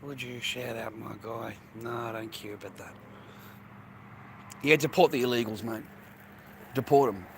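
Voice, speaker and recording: A man's voice: medium pitch, fairly even intonation, normal speed, gravelly, pauses often. An older man with an Australian accent, livestreaming a blunt, profane street rant and calling everyone "mate" and "bro". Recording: noisy outdoor phone stream.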